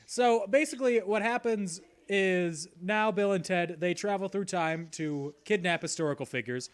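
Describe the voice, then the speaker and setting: A man's voice: high-pitched, moderate pace, clear, resonant tone. A man co-hosting a podcast, casually recapping and joking with light laughs. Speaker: podcast co-host. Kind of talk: casual chat.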